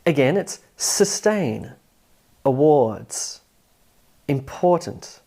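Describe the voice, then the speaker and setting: A man teaching English pronunciation in an online lesson, who drills words slowly and adds wry asides. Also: on the high side, lively intonation, mellow. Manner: emphatic, drills words slowly and repeats them.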